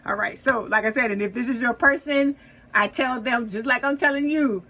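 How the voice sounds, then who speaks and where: In a rough recording, a woman with a higher voice and sharp tone reads tarot for her viewers at a normal pace. She's casual and reassuring, regularly pausing to ask "okay?"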